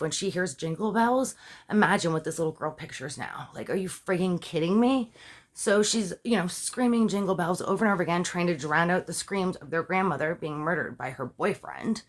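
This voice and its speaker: A woman telling a true-crime story in a casual, chatty way, with lots of asides, fillers and questions to her viewers. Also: on the low side. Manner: talks straight to viewers with questions.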